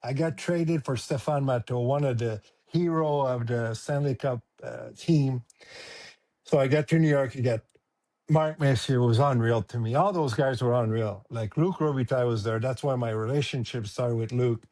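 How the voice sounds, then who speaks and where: A middle-aged man tells stories as a podcast guest. His voice sits at an ordinary middle pitch, and he talks in an emotional, animated way, often acting out the voices of others. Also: moderate pace. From Quebec, Canada. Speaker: podcast guest, former hockey player. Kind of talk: casual storytelling interview.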